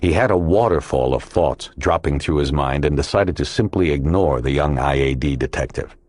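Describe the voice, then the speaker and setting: Very deep-voiced male audiobook narrator. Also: moderate pace, darkish tone, no room sound. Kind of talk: scripted narration.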